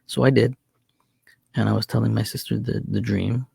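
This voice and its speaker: A man's voice: on the low side, fairly even intonation, moderate pace, creaky, dark tone, breathy edge, no echo, clean studio sound. A man hosting his own channel, chatting casually and rambling through a personal story, often repeating himself and laughing easily. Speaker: channel host.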